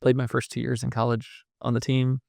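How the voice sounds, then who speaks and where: Gravelly-voiced playful male pastor. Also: mid-range voice, monotone, brisk, a little mellow, dry recording, clean studio sound. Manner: playful, joking. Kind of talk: casual conversation.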